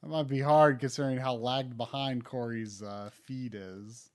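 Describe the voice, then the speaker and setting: A man's voice: mid-range voice, normal speed. A man casually chatting and laughing while playing a retro game on a live stream. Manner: chatty, laughs often, animated.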